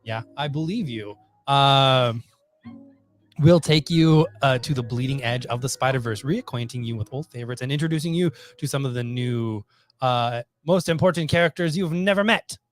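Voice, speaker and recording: A man co-hosting a casual comics talk show, speaking haltingly with many fillers. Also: mid-range voice, faint music behind. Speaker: podcast co-host at a comic shop. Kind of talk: casual chat, reading book blurbs.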